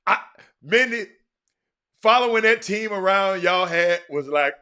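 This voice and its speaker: Bright-voiced man hosting a livestream. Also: high-pitched, a little slow. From Houston, Texas. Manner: chatty, talks to viewers by name, frequent restarts. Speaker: livestream host. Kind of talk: casual livestream chat reading viewer comments.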